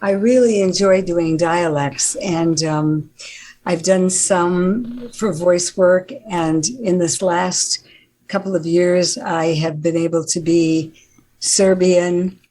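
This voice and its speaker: Older actress, interview guest on a video call; unhurried, considered delivery. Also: female voice, on the low side, fairly even intonation, mellow. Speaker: actor guest.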